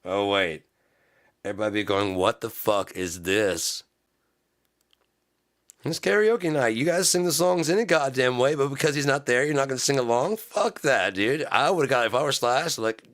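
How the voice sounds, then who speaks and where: A man doing a comedic ranting gear review. He swears a lot and swings from low muttering to loud shouting. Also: expressive, a little fast.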